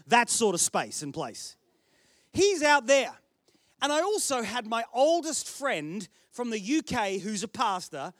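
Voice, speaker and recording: Male pastor, Australian accent, very high voice, story-driven sermon with self-mocking jokes. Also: fairly bright tone, dry recording, clean studio sound. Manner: chatty storytelling with self-deprecating humour.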